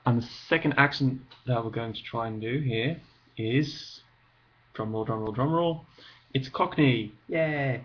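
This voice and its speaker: A man hosting a casual comedy video. He talks hesitantly in a mid-pitched voice and stops often to think. The recording is muffled and lo-fi. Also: unhurried. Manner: hesitant, full of ums. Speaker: video host.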